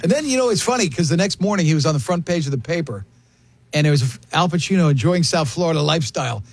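Lively, gravelly-voiced man asking questions. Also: fairly high pitch, quick pace, no room sound. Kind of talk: casual chat.

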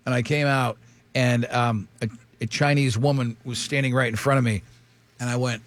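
A man's voice: mid-range voice, moderate pace, dry recording. A male show host telling rambling stories in casual banter with his co-hosts. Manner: rambling, animated storytelling with restarts.

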